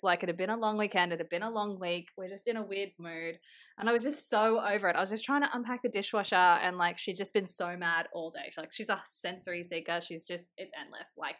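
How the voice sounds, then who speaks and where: A woman co-hosting a casual podcast over a video call, expressive and quick to swing between loud and soft. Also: mid-range voice. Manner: expressive, quick swings in loudness, laughs easily. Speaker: podcast co-host. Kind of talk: casual chat.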